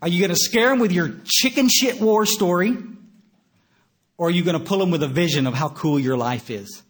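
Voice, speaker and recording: A man's voice: high voice, fairly quick, fairly bright tone. An older man, possibly from Texas, giving a recovery meeting talk as a blunt, folksy storyteller who stammers through restarts and swears now and then. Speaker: recovery speaker.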